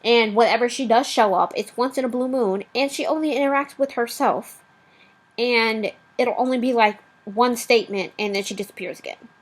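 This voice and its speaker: A woman's voice: fairly high pitch, normal speed, low-quality recording. A woman vlogger delivering a blunt, profanity-laced rant, rambling with asides and fillers.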